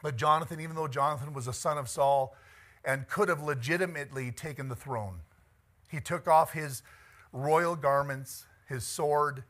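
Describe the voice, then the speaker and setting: A man's voice: on the high side, moderate pace, a bit bright. A middle-aged man preaching a conversational sermon as pastor, chatty and joking, laughing often and moved by the text.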